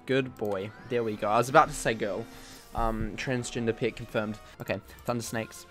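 A man's voice: lowish voice, steady tone, moderate pace, fairly bright tone, soft background music. A man giving casual, jokey commentary while playing a video game, mocking himself and exclaiming at what happens. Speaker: gaming channel host.

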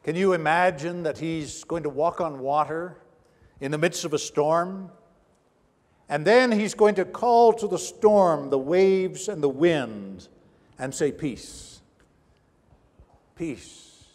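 A man's voice: on the high side, unhurried. Preaching man in a reverberant church. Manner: dramatic preaching, swinging from hushed to raised. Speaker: pastor. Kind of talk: sermon. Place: church sanctuary.

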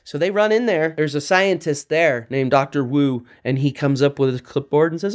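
A man retelling a film story for young children, animated and quizzing his listeners as he goes. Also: a little high, normal speed, few pauses.

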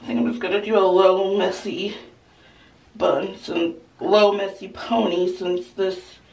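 Woman beauty vlogger, unhurried delivery, candid confiding chat. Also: medium pitch, fairly even intonation, creaky, a little mellow, husky. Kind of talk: casual vlog chat.

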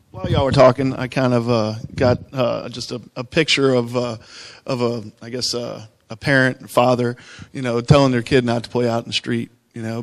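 A man at a church gathering describing an image, speaking hesitantly with many "uh"s and "you know"s. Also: mid-range voice. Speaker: church member sharing. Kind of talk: casual church sharing.

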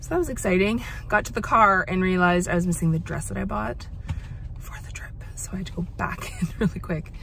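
A woman talking casually to the camera at home for a family vlog. She is chatty and excitable, and she rambles through lists with plenty of fillers. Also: mid-range voice, quick pace, creaky. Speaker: family vlogger.

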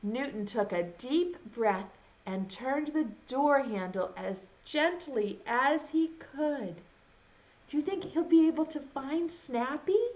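A woman's voice: high voice, slow. A young woman who teaches preschool, reading a picture book aloud to small children and asking them questions. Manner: animated, asks children questions. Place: home, video lesson. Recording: dull lo-fi sound.

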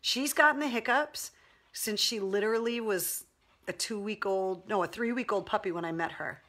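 A woman's voice: medium pitch, moderate pace, a bit bright. Chatty woman hosting a casual livestream. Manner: chatty, rambling, baby talk to her dog. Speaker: live stream host. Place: at home.

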